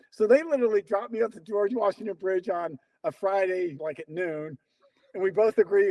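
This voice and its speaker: An older man telling long stories as an interview guest, lively and acting out the people he quotes. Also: high voice, brisk, no room sound. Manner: animated storyteller, acts out quoted dialogue. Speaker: interview guest, runner and coach. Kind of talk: casual storytelling.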